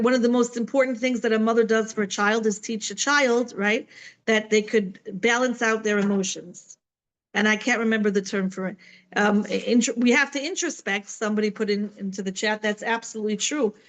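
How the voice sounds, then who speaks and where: A woman's voice: fairly high pitch, low-quality recording. A middle-aged woman teaching a Torah class online from home, chatty and full of "right?" asides. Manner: conversational, many fillers and "right?" asides.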